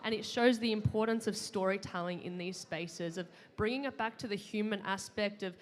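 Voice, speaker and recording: At a conference pavilion during a climate summit, a young adult woman delivers heartfelt closing remarks as a panel moderator. Her medium-pitched voice moves at a moderate pace, with many fillers and restarts.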